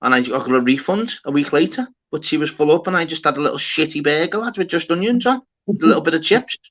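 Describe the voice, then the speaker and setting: A man hosting a livestream, telling an animated story in casual chat, swearing often and calling people lad and mate. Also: a little high, fast. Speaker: livestream host. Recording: dull lo-fi sound.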